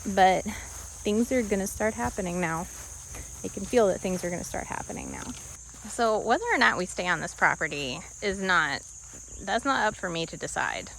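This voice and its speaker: A woman's voice: mid-range voice, vocal fry, a bit bright, slight background noise, poor audio. A woman vlogging outdoors on her homestead, talking candidly and with animation to the camera, laughing often. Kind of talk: casual talk to camera.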